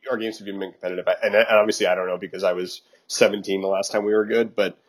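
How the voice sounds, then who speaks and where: A man co-hosting a casual sports podcast, cutting in with quick wisecracks. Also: fairly low pitch, level tone. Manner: joking interrupter, quick wisecracks. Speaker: podcast co-host.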